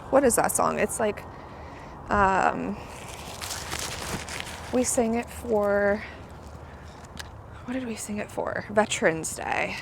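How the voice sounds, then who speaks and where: A woman's voice: medium pitch, creaky, a little hiss or hum. A woman vlogging her day at home and on a walk, chatty and cooing to her dogs, speaking into a small clip-on microphone. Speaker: vlogger, small business owner. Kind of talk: casual day-in-the-life vlog.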